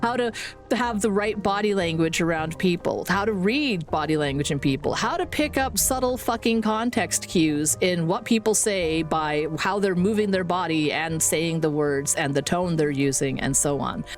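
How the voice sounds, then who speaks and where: 40s lady streamer rambling and swearing, lowish voice, quiet music under. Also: normal speed. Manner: rambling, self-deprecating, swears casually, laughs often. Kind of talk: casual chat on a game stream. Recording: faint music behind.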